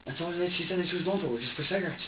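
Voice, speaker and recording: A man's voice: sits high, racing. A man being questioned in an interrogation room, talking in rambling, repetitive bursts and replaying his own words. He sits away from the mic in a bouncy room, with a dull, lo-fi sound and a faint hiss behind him. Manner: rambling, repeats himself, acts out what he said. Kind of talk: police interrogation. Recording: echoey, distant, dull lo-fi room recording.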